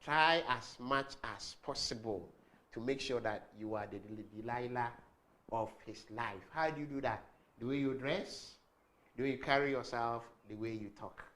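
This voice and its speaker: A man gives a teaching-style counseling talk with a bright, forward tone. He stresses his points by repeating them and keeps asking rhetorical questions, checking in with a frequent "okay?". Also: mid-range voice, moderate pace. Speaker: marriage counselor.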